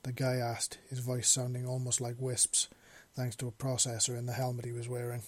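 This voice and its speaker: A man reading fan fiction aloud in a plain, steady voice with small slips. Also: mid-range voice, fairly quick, dry recording. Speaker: narrator.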